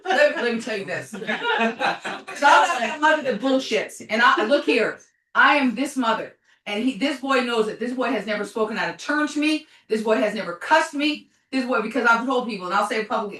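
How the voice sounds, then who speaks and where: A middle-aged woman tells her story as a mother, blunt and forceful, cursing and circling back on her words. Her voice is bright and sharp, on the high side for a woman. It comes from some distance in an echoey room. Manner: blunt and forceful, swears, repeats herself. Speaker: mother of a recovering addict. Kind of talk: emotional personal testimony.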